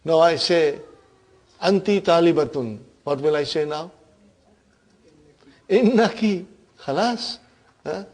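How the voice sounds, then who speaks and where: A male teacher leads a classroom grammar lesson in a slightly higher voice. He talks slowly and deliberately, checks in with his students often, and has the class repeat phrases back together. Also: expressive, darkish tone. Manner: drills the class in call-and-response. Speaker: Arabic teacher.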